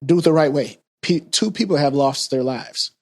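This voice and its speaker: A man's voice: on the high side, normal speed, a little mellow. A man co-hosting a podcast in casual chat, repeating his points insistently and steering the topics. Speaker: podcast co-host.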